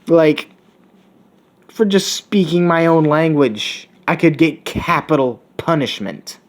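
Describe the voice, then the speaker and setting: A man's voice: fairly high pitch, animated, takes it slowly, voice pushed up. A man doing a crude, cynical young hero. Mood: ranting. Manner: crude, rambling, coughs between lines. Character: brash cynical young male hero, Rick-like. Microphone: phone.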